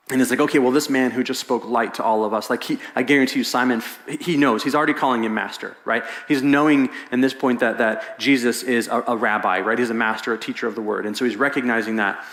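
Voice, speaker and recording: A man preaching a sermon as pastor, telling a story in a lively way and acting out the voices of the people in it. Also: medium pitch. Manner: animated storytelling, acts out quoted voices. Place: large church hall. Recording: echoey hall.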